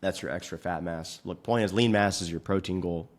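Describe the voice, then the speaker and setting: A man hosting a fitness podcast, giving blunt, profane advice in a casual way and venting at his software. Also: low voice. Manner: profane, frustrated rants; blunt, rapid instructions. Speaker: fitness coach and podcast host.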